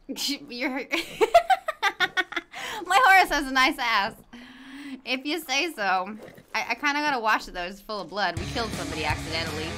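A woman's voice: sits high, pushed and bright. A woman streaming a game in casual chat, greeting viewers by name and laughing often. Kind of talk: casual livestream chat while gaming.

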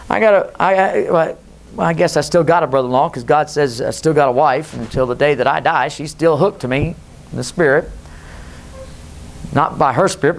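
Preacher man, loud and low by turns. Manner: preachy, swings between loud and low, mocks voices. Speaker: pastor. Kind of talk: Pentecostal sermon. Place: church sanctuary.

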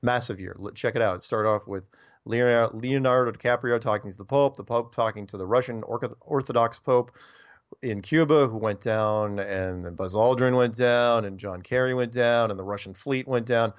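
A man's voice: medium pitch, moderate pace, lo-fi sound. A man hosting a radio show, reading listener emails aloud and answering them in a casual, rambling way, often stumbling over and repeating his words.

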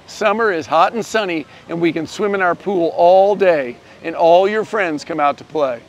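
A man's voice: sits high, normal speed, few pauses. Man reading a children's storybook outdoors. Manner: gentle storytelling, small voice shifts for characters. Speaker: storybook reader. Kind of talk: reading a children's picture book aloud.

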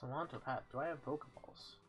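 A man's voice: mid-range voice, fairly even intonation, fast talker, a bit bright, soft background music. A man playing a video game and commenting casually, reading the game text aloud, joking and swearing as he goes. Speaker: let's play host.

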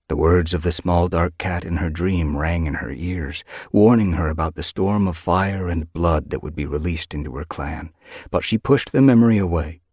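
A very low, husky male voice narrates a storybook in measured tones. His delivery stays lively in pitch, and the studio sound is dry. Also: no echo. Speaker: audiobook narrator. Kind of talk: scripted narration.

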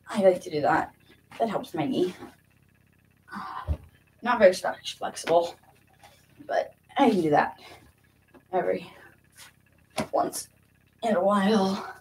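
A woman's voice: medium pitch, slow, long pauses, darkish tone, a little hiss or hum. Giggly young woman, nervous and breathless. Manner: giggly, nervous, talks to herself. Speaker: vlogger. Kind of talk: casual talk while exercising.

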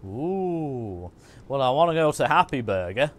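A man's voice: medium pitch, big pitch swings, measured pace. A man streaming a game, chatting and joking and muttering asides to himself as he plays. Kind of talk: casual gaming commentary.

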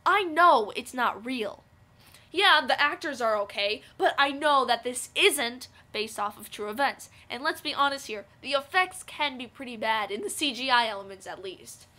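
Young girl vlogging, high bright voice, rambly and excitable. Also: moderate pace. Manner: rambling, filler-heavy, excitable. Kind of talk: casual storytelling vlog.

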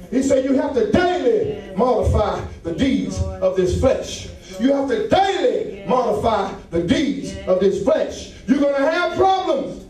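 High-voiced pastor preaching in an echoey church. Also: male voice. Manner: fervent, rising to shouts, call-and-response. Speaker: associate pastor. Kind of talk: sermon. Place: church sanctuary. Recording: very echoey church hall, mic far off.

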